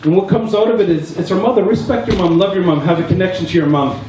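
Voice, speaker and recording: A man's voice: high-pitched, fast, darkish tone, a little hiss or hum. A middle-aged man from the Tsleil-Waututh Nation in Canada, a chief telling earnest stories to a gathering, with many repetitions. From Tsleil-Waututh Nation, British Columbia, Canada. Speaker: chief giving a speech. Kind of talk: spoken address to a gathering. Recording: echoey hall, distant mic, audience heard.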